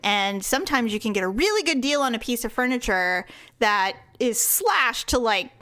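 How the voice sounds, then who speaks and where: A woman's voice: fairly high pitch, moderate pace. A woman co-hosting a podcast, chatting casually and telling stories with lots of laughter. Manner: giggly, animated storyteller. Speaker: podcast co-host. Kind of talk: casual chat.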